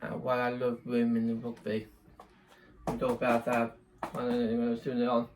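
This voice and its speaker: A man's voice: medium pitch, monotone, moderate pace, a little hiss or hum. A young man chatting casually in a vlog, rambling, correcting himself and laughing often. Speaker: vlogger.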